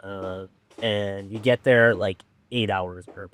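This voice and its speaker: A man from Orange County, California, who runs a treatment program tells a story on a podcast in a rambling, laid-back style packed with fillers. His voice is fairly low, a bit bright, and fairly even in intonation, and he takes his time.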